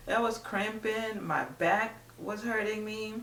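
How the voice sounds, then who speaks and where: A woman's voice: mid-range voice, takes it slowly, fairly bright tone, distant mic, slight background noise. Chatty woman vlogging in an echoey room. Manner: chatty, rambling, lots of "like". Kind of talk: casual chat to camera. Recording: echoey room, voice a bit off-mic.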